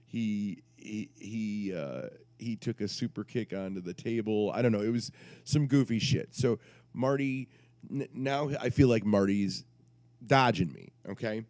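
A man's voice: fairly low pitch, unhurried, darkish tone. A man on a podcast, telling a rambling, crude story in casual chat and interrupting himself as he goes. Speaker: podcast co-host.

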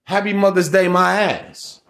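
A man's voice: sits high, steady tone, a little slow, gravelly, a bit bright. A man hosting a solo podcast, ranting in a blunt, preachy, profane way. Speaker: podcast host.

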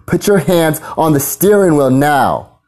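A man's voice: on the high side, expressive, measured pace, a little mellow, voice pushed up. A man putting on the voice of a bossy, condescending male traffic cop, barking orders.

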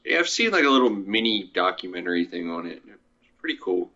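Man, lowish voice, bright sharp tone, rambling casual film talk, dull lo-fi audio. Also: big pitch swings, fairly quick. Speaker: podcast co-host. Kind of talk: casual movie chat. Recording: dull lo-fi sound.

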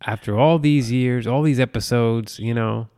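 Man, podcast co-host, average pitch, playful joking delivery. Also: fairly even intonation, normal speed, a little mellow, smooth. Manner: jokey, playful banter. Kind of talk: casual chat.

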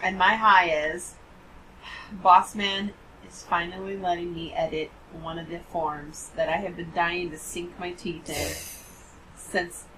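A woman's voice: on the low side, little pitch movement, takes it slowly, background noise. A woman co-hosting a podcast in casual chat, joking and playfully dramatic. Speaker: podcast co-host.

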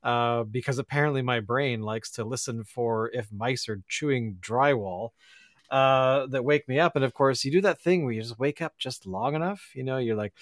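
A man's voice: medium pitch, moderate pace, dry recording, clean studio sound. A man hosting a podcast, talking in a rambling, reflective way full of fillers. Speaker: podcast host. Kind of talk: casual chat.

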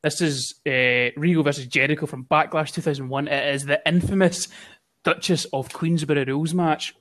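A man's voice: fairly high pitch, fairly even intonation, normal speed, fairly bright tone. A man co-hosting a casual podcast chat, swearing freely and laughing at his own jokes. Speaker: podcast co-host.

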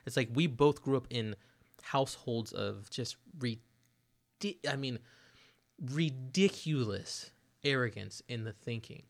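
A man holds forth in a casual podcast conversation, mid-pitched and emphatic. He talks in animated bursts and keeps tagging his points with "right?". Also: measured pace, vocal fry. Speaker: podcast host.

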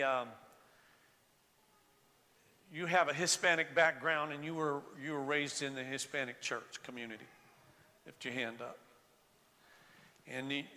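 An older male pastor preaching slowly and conversationally, with a fairly high, bright voice. He often restarts his sentences and asks the congregation to raise their hands. His voice trails off in the long reverb of a large sanctuary. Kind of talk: sermon. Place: church sanctuary.

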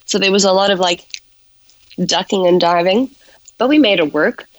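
A woman's voice: medium pitch, normal speed, no room sound, rough recording. A South African woman with an accent mixed with American, chatting as an interview guest and telling stories with self-mocking humor. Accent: South African with some American. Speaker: guest actress. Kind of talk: casual interview chat.

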